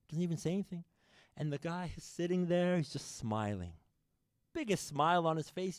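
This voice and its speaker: A man giving a sermon, telling a story to the congregation with lively shifts in loudness and addressing them as brothers and sisters. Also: fairly high pitch, normal speed, no room sound, studio quality. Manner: animated, shifts loudness widely, addresses the audience directly. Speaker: speaker at a religious program. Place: mosque or community hall.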